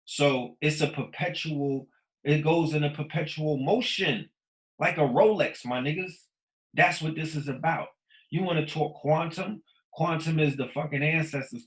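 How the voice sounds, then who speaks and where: A man in his thirties hosting a podcast, talking in a casual, preachy monologue that swings from loud emphatic bursts to low mutters. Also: echoey room, rough recording. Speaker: podcast host.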